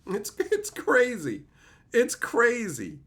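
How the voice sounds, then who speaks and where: A man with a high, lively voice delivers a profane, mocking rant as a streamer. His tone is bright and sharp, and his pitch swings widely. He mimics others in put-on silly voices. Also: takes it slowly. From Canada. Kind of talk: ranting commentary.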